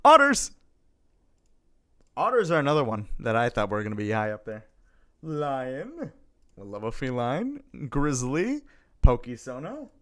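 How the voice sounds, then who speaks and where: Playful male streamer with a lively voice. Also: mid-range voice, measured pace, pauses often. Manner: playful, reading chat aloud and greeting viewers; lots of giggling and sudden bursts of excitement. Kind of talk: casual live-stream chat.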